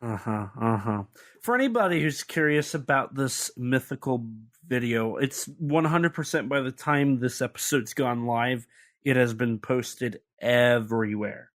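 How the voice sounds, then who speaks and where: A man co-hosting a podcast in casual chat, rambling and jumping up in pitch when surprised. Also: measured pace. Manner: rambling, animated pitch jumps. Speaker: podcast co-host.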